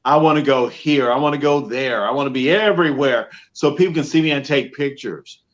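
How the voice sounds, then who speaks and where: A man's voice: medium pitch, fairly quick. A man talking casually as an interview guest on a muffled lo-fi line. He tells his stories with animation and plays out each side of the conversations he recalls. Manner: animated storyteller, acts out both sides of phone calls. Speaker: professional Santa Claus, guest.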